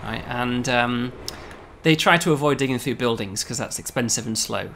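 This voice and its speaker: A man, a game developer, casually explaining a game demo, often pausing on "um" and checking with "right?". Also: mid-range voice, fairly bright tone, slight background noise.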